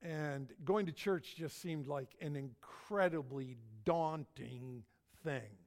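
A man's voice: fairly high pitch, slow. A middle-aged man preaching a sermon, telling a personal story in a folksy, anecdotal way and repeating his phrases. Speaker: pastor.

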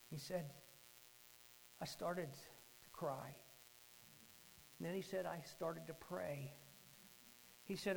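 High-voiced pastor telling a story. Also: male voice, measured pace, gravelly, long pauses, slight background noise, poor audio. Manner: dramatic storytelling, swings from hushed to loud. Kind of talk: sermon storytelling.

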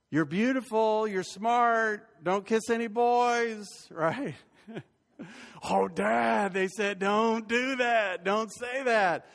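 An older man preaching a sermon as pastor, conversational and rising to emphatic peaks. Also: fairly high pitch. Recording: long hall reverb.

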